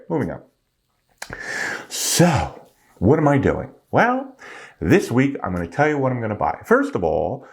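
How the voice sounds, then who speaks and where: A middle-aged man hosting a finance vlog, ranting in an animated, exasperated way and calling out imaginary viewers by name. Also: fairly low pitch. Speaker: finance channel host.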